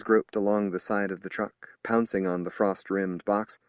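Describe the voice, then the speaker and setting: A man reading a horror novel aloud as an audiobook narrator in measured storytelling. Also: on the low side, flat delivery, dry recording, clean studio sound. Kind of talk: scripted narration.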